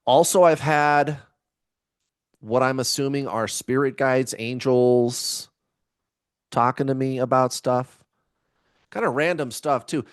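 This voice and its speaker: A middle-aged man talks to his viewers in a loose, rambling way, peppering his speech with fillers and the odd swear word. His voice sits at an ordinary pitch for a man. The recording is close and dry, with no room sound. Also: slow, long pauses, smooth, dry recording. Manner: rambling, laid-back, swears casually. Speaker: spiritual vlogger. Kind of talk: casual chat to camera.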